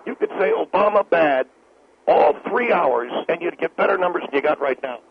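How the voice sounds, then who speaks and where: A man's voice: on the high side, lively intonation, moderate pace, vocal fry, husky. A man on a talk radio show, mocking and interrupting callers in combative banter. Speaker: in-studio guest. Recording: phone-like narrow band.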